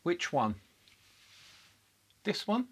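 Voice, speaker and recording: Speaking very slowly yet very animated, this electronics hobbyist has a high voice with a fairly bright tone, and there's slight background noise. During a live build stream he mutters to himself at the workbench, checking parts and looking for a cable he's lost, with a wry, self-deprecating manner.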